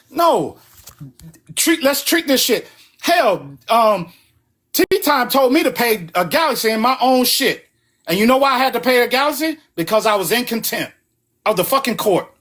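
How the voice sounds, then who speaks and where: A man's voice: very high voice, fairly bright tone. A man hosting a talk show, speaking bluntly and profanely in a heated, preachy way, and out of breath. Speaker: host.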